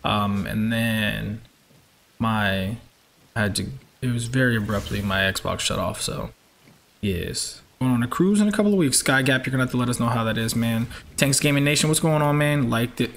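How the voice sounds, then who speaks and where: Casting note: young guy, upbeat live streamer, mid-pitched, faint hiss behind. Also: moderate pace, creaky, fairly bright tone. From Georgia, US. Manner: upbeat, chatty, reads out viewer names. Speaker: game streamer. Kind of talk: live-stream chat while racing.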